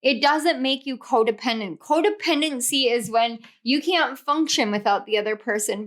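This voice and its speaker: A woman's voice: fairly high pitch, a bit bright. Emotional, giggly woman reading tarot. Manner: emotional, laughing often, gushing. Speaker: tarot reader.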